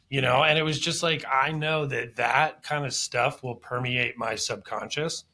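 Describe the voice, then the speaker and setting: A man's voice: medium pitch, fairly even intonation, a little slow, hardly any pauses, pushed and bright. A man hosting a podcast interview, chatting casually and enthusiastically, tying what he hears back to his own daily life. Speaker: podcast host.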